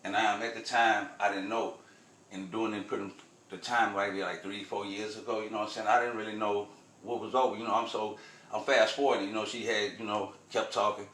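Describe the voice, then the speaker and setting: A man's voice: fairly low pitch, flat delivery, brisk, a bit bright. A man vlogging, telling a rambling spiritual story in loose, profane, repetitive street talk. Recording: roomy echo.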